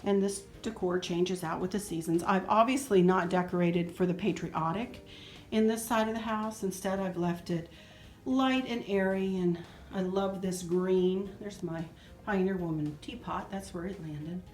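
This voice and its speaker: A middle-aged woman giving a chatty, sentimental home decor tour with soft laughs. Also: lowish voice, moderate pace. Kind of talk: casual home tour narration. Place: indoors in a house. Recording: roomy echo, faint music.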